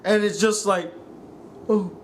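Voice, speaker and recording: A young man with a high voice rants about a film he disliked. His tone is sarcastic and exasperated, and he mocks the characters' lines in put-on voices. A faint hiss sits under his voice. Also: lively intonation, moderate pace. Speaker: film reviewer. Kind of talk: ranting film review.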